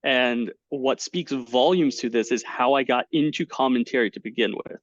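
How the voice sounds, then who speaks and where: A man, a poker commentator, telling stories in a casual interview over a video call, animated and full of fillers and restarts. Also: mid-range voice, normal speed, no echo. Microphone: webcam setup at home. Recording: dull, dry lo-fi call audio.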